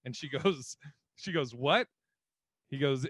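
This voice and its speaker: A man's voice: medium pitch, moderate pace, fairly bright tone, no echo. A man co-hosting a podcast in casual chat, rambling and laughing, swearing freely. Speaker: podcast co-host.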